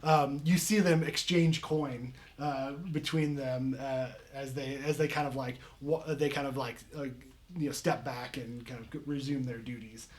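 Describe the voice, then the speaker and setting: A man's voice: medium pitch, fairly even intonation, unhurried. A young man narrating as game master of a tabletop game, rambling with many fillers and restarts.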